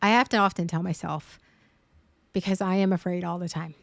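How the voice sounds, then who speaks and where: A woman in her thirties speaks earnestly and openly on a stream. Her voice sits a little low. The sound is dry and close, with no room around it. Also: steady tone, fairly quick, creaky, dry recording. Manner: earnest, vulnerable, tearful at times. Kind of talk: emotional casual chat.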